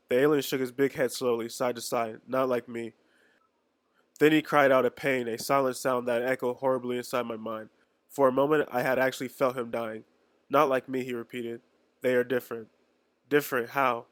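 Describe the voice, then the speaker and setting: A man's voice: mid-range voice, dry recording. A man reading a novel aloud in an amateur read-along, plain delivery with small stumbles and restarts. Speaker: reader.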